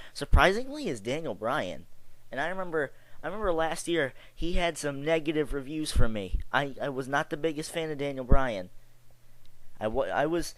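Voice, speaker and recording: A man's voice: medium pitch, dry recording, low-quality recording. A young man from Chicago giving a rambling, exasperated and sarcastic casual rant about wrestling, full of fillers and restarts. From Chicago area. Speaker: wrestling vlogger.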